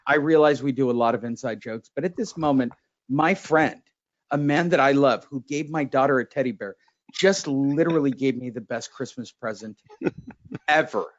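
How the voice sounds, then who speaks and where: A man in his thirties hosting a podcast in casual chat, excitable and theatrical, swearing and laughing often, on a dull, lo-fi recording. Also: mid-range voice. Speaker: podcast host. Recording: dull, lo-fi sound.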